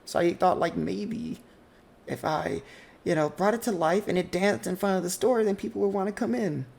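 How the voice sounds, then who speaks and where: A man's voice: sits high, normal speed, vocal fry, darkish tone, voice pushed up. Game master doing a sheepish young wizard boy. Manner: sheepish, excuse-making.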